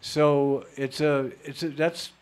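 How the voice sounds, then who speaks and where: A man with a fairly high voice leads a lecture and answers questions from the floor. He talks in an animated, playful way and often teases his listeners. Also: slow pace, clear, resonant tone. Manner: animated, playful, teasing, emphatic. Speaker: spiritual teacher answering audience questions.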